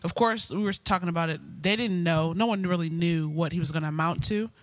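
A man's voice: fairly high pitch, fairly quick, dry recording. Rambling man with a dry, close sound. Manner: loose and rambling, repeats himself, short reactions. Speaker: podcast co-host. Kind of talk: casual sports chat.

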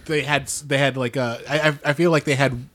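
Male co-host, excited, halting delivery. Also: mid-range voice, no room sound. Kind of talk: casual film discussion.

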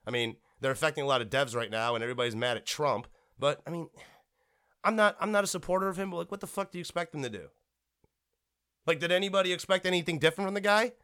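A young man with a fairly high voice holds forth in a blunt, profane rant. He rambles and keeps restarting his sentences as he talks straight to his listeners. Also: a bit bright. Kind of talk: ranting monologue.

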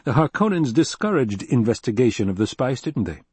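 A man voicing a grim, commanding male duke in an audiobook, measured and pressing. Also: mid-range voice, big pitch swings, slightly rough, no room sound. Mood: firm, probing. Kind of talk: audiobook character reading.

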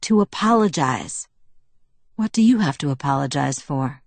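A woman reading a calm, gentle young man. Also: deep voice, vocal fry, no echo, voice pushed down, heavily acted. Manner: soft, measured and reassuring. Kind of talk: audiobook dialogue reading.

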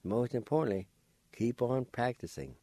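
A man's voice: mid-range voice, moderate pace, dark tone, no room sound. A man hosting a radio language lesson, patiently spelling out words syllable by syllable and explaining how to pronounce them. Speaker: language teacher and radio host. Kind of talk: slow spelling and pronunciation lesson.

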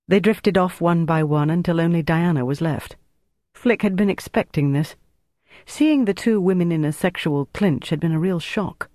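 An audiobook narrator reading a wartime novel in an even, measured way. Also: medium pitch, dry recording, studio quality. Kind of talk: scripted narration.

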